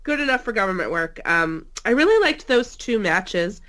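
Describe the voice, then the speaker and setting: A woman's voice: on the high side, animated, normal speed, a bit bright. A woman co-hosting a casual wrestling podcast from a remote call, nasal and congested from a cold, teasing and laughing often. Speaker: co-host. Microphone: remote call mic.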